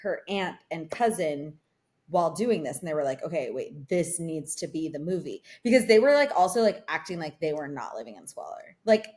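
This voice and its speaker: A woman's voice: deep voice, animated, normal speed, a little mellow. A young woman co-hosting a podcast from a remote setup, telling a long story in casual chat and saying "like" often. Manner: rambling storyteller, heavy use of "like". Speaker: podcast co-host. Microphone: remote recording.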